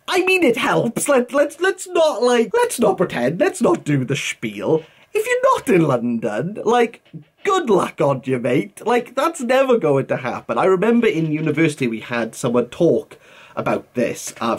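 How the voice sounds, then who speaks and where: A young man with a voice pitched a little higher than most men's, with a husky edge to it. His delivery swoops up and down as he chatters informally, leaning on fillers and British slang as a vlogger answering comments. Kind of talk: casual chat to camera.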